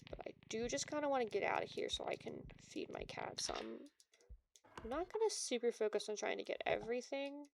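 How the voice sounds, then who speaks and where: A woman's voice: on the high side, creaky, a little hiss or hum. A woman streaming a video game, giving playful, self-mocking commentary as she plays. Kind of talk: gaming commentary.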